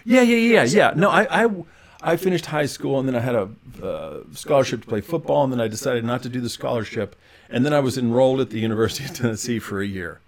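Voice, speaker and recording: Male podcast guest, mid-pitched, rambling animated storyteller. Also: fast talker, gravelly. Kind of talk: casual podcast conversation.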